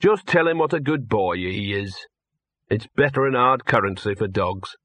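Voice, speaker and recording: A man voicing an old, scruffy, cynical male dog who mutters in a gruff, weary way. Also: fairly low pitch, animated, moderate pace, fairly bright tone, no echo. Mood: grumbling.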